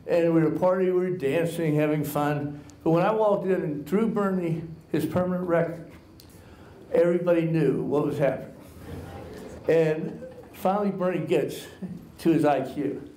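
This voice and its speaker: Male author, wry storyteller at a podium, fairly high voice, roomy hall sound. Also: darkish tone, a little hiss or hum. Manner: wry, self-mocking anecdotes. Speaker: author and guest speaker. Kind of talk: humorous storytelling talk to an audience. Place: college lecture hall with an audience.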